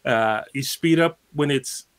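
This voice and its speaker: A man's voice: medium pitch, measured pace. A man guest in a casual interview, explaining at an easy pace with plenty of fillers and spoken examples. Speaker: guitarist guest.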